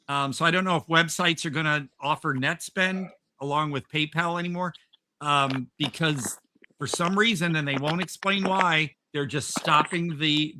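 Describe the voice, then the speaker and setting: A man's voice: on the high side, sharp tone, slight background noise. A man hosting a casual podcast chat, talking in an enthusiastic, rambling way with lots of "um"s and restarts. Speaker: podcast host.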